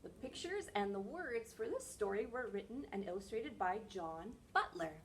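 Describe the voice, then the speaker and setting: A woman leading a library story time for toddlers, reading aloud, singing nursery rhymes and making exaggerated animal sounds in a slow, sing-song way. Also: medium pitch, lively intonation, distant mic, slight background noise. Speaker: children's librarian.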